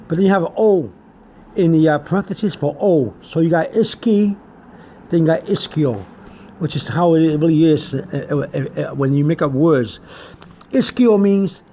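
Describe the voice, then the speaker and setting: A man giving a casual self-made lesson, talking in a rambling, halting way with many fillers and restarts. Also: on the high side, mellow, slight background noise. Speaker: teacher.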